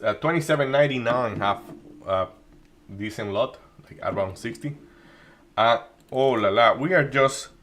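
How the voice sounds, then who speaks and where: A man doing live trading commentary, thinking aloud with many restarts and halting phrases. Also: medium pitch, a bit bright, a little hiss or hum. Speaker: day trading streamer.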